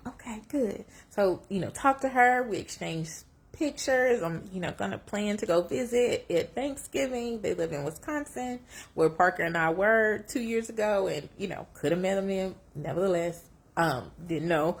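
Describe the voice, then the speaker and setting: A woman telling a personal story on camera, reflective and emotional, close to tears, with lively jumps when she quotes herself. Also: lowish voice. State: tearful. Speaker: vlogger sharing a personal story.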